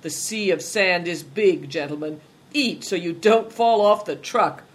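A reader voicing a gruff, insolent grown man who mocks and boasts loudly in an audiobook. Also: mid-range voice, measured pace, lightly acted. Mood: loud, mocking. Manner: loud, mocking, laughing. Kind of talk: audiobook character reading.

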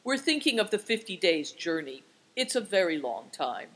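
A calm, practical young man who talks matter-of-factly, as a woman reads him aloud. The voice is husky with a wide lilt. He belongs to a storybook reading. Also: lowish voice, moderate pace.

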